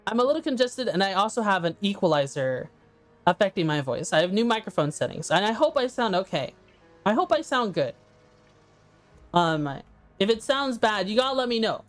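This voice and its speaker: A woman game streamer, a little congested, chatting excitedly with her live chat into a condenser microphone. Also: medium pitch, normal speed, faint music behind.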